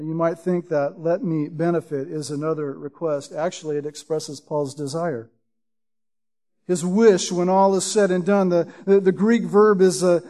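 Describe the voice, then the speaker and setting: A man with a notably high voice teaches through a Bible passage verse by verse. He explains word meanings patiently and leans on the scripture quotes for emphasis. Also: a little mellow. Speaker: preacher.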